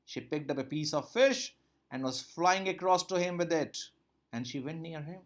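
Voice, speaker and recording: Speaking at a normal speed in a slightly high voice, this English teacher takes his class through a textbook story. Every line gets read aloud first, then repeated and explained in his own words with growing emphasis.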